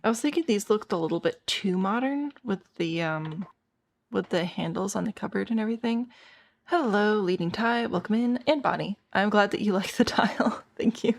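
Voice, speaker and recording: A tired woman with a hoarse voice, chatting casually to her viewers as a streamer while she plays a game and thinks aloud. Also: mid-range voice, normal speed. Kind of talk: casual gameplay chat.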